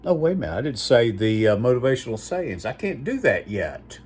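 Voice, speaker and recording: A man's voice: mid-range voice, big pitch swings, a little fast, darkish tone, slightly rough. A man hosting his own video channel, rambling in a folksy, profane casual monologue before a sign-off. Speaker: vlog host.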